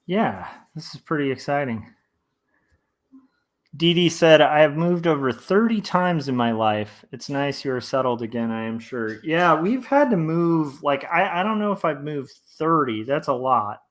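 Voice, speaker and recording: This streamer, a man in his thirties who draws comics, has a slightly high voice and speaks at a measured pace from his indoor home studio. Relaxed and friendly, he rambles casually through fillers and restarts while drawing on the livestream, reading viewers' chat out loud.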